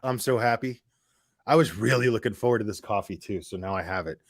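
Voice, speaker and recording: A man's voice: on the low side, fairly quick, vocal fry, no room sound. A man hosting casual commentary, blunt, sarcastic and profane. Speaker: commentary host.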